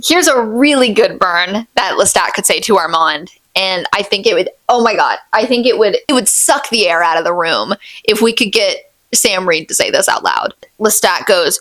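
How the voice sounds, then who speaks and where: Woman book vlogger, gushing fan commentary, middle pitch, dead-dry close sound. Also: big pitch swings, normal speed, fairly bright tone, dry recording. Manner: gushing and emphatic, repeats herself for stress. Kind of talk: casual fan commentary reading book quotes.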